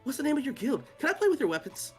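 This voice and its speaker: A man's voice: extremely high pitch, very animated, faint music behind, voice pushed up. A man voicing an eager seventeen-year-old boy who fires off questions. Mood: excited. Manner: rapid-fire eager questions. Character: excited teenage boy, eager and chattering.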